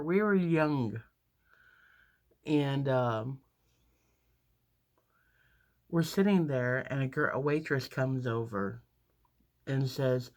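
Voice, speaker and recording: A woman's voice: low voice, takes it slowly, pauses often, darkish tone. A woman in her fifties telling a story casually while doing her makeup, rambling with lots of fillers and restarts.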